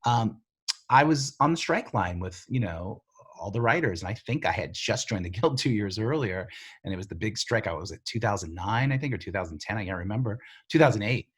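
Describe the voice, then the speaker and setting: Animated middle-aged man, husky voice. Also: on the low side, brisk. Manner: animated, filler-heavy storyteller who acts out quoted voices. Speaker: TV writer and showrunner, interview guest. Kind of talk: casual storytelling interview.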